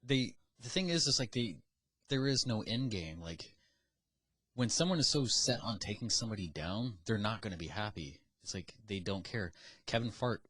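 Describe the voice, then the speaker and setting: A man's voice: fairly low pitch, animated, normal speed, a bit bright, husky, no echo. A man co-hosting a casual podcast, opinionated and ranting, swearing freely as he argues his point. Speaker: podcast co-host. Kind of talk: casual chat.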